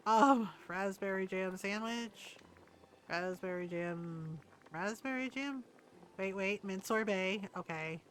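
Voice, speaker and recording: A woman's voice: medium pitch, slow, fairly bright tone, a little hiss or hum. A woman streaming a game and chatting casually, rambling and often trailing off into ums. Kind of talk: casual chat while playing.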